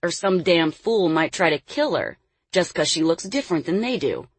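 Voicing a menacing, cruel adult man who holds a girl in a cage, a woman reads his audiobook lines as snarling, taunting threats. Her fairly low voice has lively intonation, a moderate pace, and a breathy edge, recorded with no echo.

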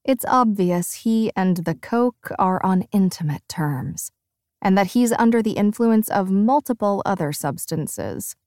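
A woman reading a first-person audiobook with expressive, lively storytelling. Her pace is slow and deliberate, her pitch sits in the middle. The sound is close and dry, with no room at all. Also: no echo. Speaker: audiobook narrator.

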